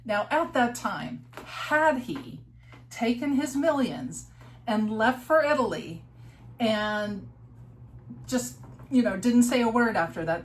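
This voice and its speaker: A woman's voice: mid-range voice, low-quality recording. A woman co-hosting a casual podcast, telling a history story and quizzing her co-host along the way. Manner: lively storyteller, poses questions to her co-host.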